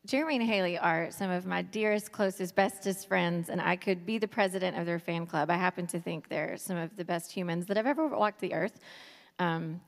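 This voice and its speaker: A woman's voice: fairly low pitch, brisk, vocal fry. A woman, giving a joking, conversational sermon as a guest speaker and urging the audience to talk back. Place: church sanctuary. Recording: long reverb from a hall.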